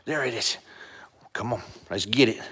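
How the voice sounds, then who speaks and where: A man's voice: mid-range voice, moderate pace, pushed and bright, husky. A man hosting a live stream, chatting casually with viewers and laughing often while he plays with and talks to his dogs. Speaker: YouTube live stream host.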